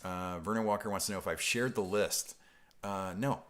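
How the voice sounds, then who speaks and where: Deep-voiced male host from upstate New York; loose, chuckling live-stream chatter that wanders off topic. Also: moderate pace, a bit bright. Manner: rambling, self-interrupting, chuckling. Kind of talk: casual live-stream chat reading viewer comments.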